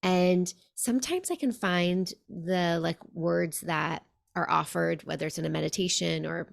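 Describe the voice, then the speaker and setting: A woman hosting a podcast interview, talking in a reflective, gentle way with many "like" fillers. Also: on the low side, a little slow, gravelly. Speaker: podcast host. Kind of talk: conversational interview.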